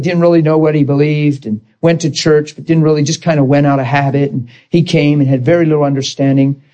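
Man, fairly high voice, teaching a healing class, animated storyteller who acts out quotes. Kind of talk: informal teaching talk.

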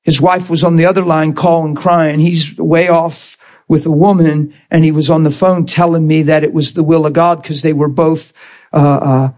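A man with a notably high voice preaches with dramatic intensity. He retells a story in vivid bursts, leaning hard on key words. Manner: emphatic, dramatic retelling with sudden loud bursts. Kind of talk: sermon storytelling.

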